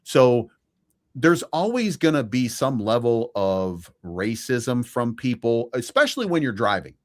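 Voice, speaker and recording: A man's voice: mid-range voice, very animated, measured pace. A man co-hosting a podcast, giving his opinions in casual chat, speeding up in bursts and swearing now and then. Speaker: podcast co-host.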